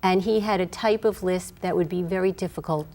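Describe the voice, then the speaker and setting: Low-voiced dialect coach woman. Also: fairly even intonation, warm tone. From Brooklyn, US. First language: Yiddish. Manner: measured, explanatory. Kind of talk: interview answers.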